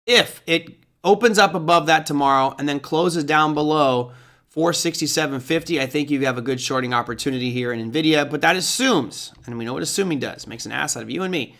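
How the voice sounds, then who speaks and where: A middle-aged man with a fairly high, sharp-toned voice hosts a live market analysis stream. He's chatty and casual as he walks through charts and answers questions from viewers.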